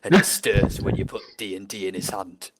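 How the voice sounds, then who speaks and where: A man's voice: lowish voice, steady tone, normal speed, very noisy. A man playing in a tabletop game, joking and bantering. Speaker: player.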